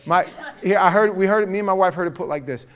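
A middle-aged man leading a casual parenting talk to a group, telling stories in a lively, animated way. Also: high voice, fast.

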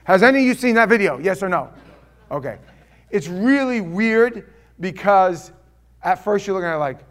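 A man in his forties preaching a sermon, animated, swinging from loud exclamations to hushed asides and acting out quotes. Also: high voice, moderate pace. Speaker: pastor.

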